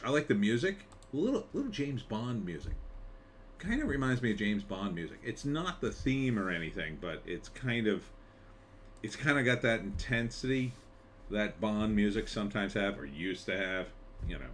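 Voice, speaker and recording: A man with a lowish voice talks through a movie trailer in loose, offhand commentary. His pitch swings widely as he rambles and tosses in wry asides. A faint hum of ambience sits behind him. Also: a bit bright. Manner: rambling, conversational, with frequent fillers and wry asides. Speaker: screenwriter reviewing a trailer. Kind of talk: casual commentary.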